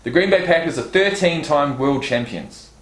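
Male vlogger, casual and chatty, slightly high voice, roomy echoey room. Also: animated, moderate pace. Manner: chatty, reads card stats aloud, swears casually. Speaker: YouTube vlogger. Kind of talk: casual unboxing vlog. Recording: roomy echo.

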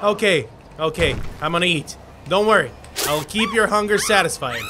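High-voiced excitable gaming YouTuber man. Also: moderate pace, noisy background. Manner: excitable, shouts and laughs often. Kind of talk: energetic gameplay commentary. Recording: music playing behind.

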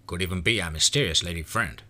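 A man voicing a gruff, profane frontier lawman in a horror story reading. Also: low-pitched, fast, sharp tone, full character voice. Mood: grim. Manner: blunt and cursing. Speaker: frontier marshal. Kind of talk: voiced character in horror narration.

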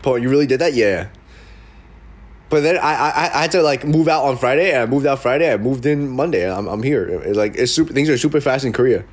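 A man's voice: mid-range voice, a little fast. A young man hosting a casual livestream, telling stories in a rambling way with many fillers and restarts, and acting out the people he quotes. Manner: acts out quoted people in mock voices. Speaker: livestream host.

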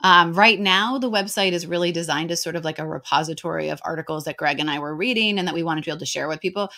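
A woman with an American accent, talking casually as a guest in an interview, chatty and quick, with lots of "like" and "right?". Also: on the low side, bright, forceful tone. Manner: chatty, fast, heavy on filler "like" and "right?".

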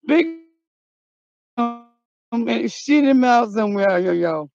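A woman vlogging outdoors, excitable and dramatic, often shouting, in a dull lo-fi recording. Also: fairly high pitch, slow pace, vocal fry, long pauses, no room sound. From North Carolina, US. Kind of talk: casual vlog. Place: outdoors in cold weather. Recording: dull lo-fi sound.

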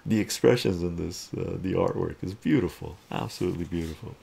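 A man's voice: sits low, moderate pace, vocal fry, warm tone, slightly rough. A man reading a comic book aloud on a stream, breaking off with amused, chatty asides.

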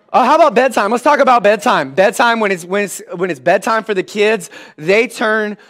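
Animated high-voiced male pastor. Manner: animated and comic, acting out scenes with his kids. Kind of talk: sermon. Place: church.

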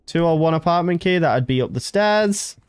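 A man commentating a horror game as he plays, excitable and jokey, reading the game's text aloud. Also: fairly high pitch, normal speed, smooth, no echo, soft background music. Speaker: gamer. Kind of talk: let's play commentary.

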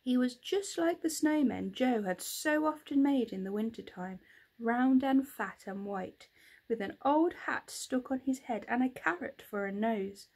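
A woman teacher reads a children's storybook aloud, gentle and expressive. Her voice is fairly high and soft, with an airy, breathy edge, and she takes her time with every line. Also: unhurried.

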